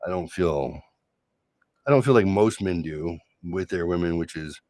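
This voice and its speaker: A deep-voiced man talks straight into the mic in a dry, dead room, spinning a loose personal story. His delivery is sarcastic and conversational, full of restarts and asides. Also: moderate pace, a little mellow, no echo. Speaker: solo show host. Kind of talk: casual monologue.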